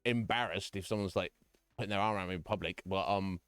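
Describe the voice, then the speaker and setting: A man's voice: sits low, fast talker, fairly bright tone, clean tone, no echo, faint music behind. A man live-streaming from home, chatting casually with viewers in a frank, rambling way, often breaking into chuckles. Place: home room.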